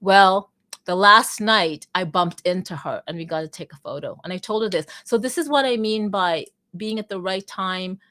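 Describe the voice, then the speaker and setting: A woman's voice: mid-range voice, moderate pace, sharp tone. A woman hosting a casual online audio chat, telling a story with lots of restarts. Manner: chatty storyteller, many restarts. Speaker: host.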